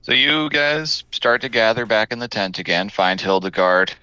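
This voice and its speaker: A man's voice: fairly low pitch, expressive, moderate pace, pushed and bright, clean tone, dry recording, lo-fi sound. A man running a tabletop game as game master, narrating scenes and calling for rolls in an easygoing, joking way.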